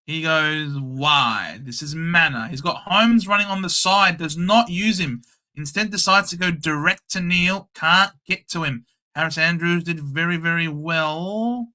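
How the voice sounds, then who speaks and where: A young Australian man runs a casual live watchalong, calling each passage of play with blunt, excitable chatter. His voice is slightly high and very bright and sharp, sitting forward and tense. He jumps between play-by-play and offhand opinion like a regular host of his own show. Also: unhurried. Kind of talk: casual live match commentary.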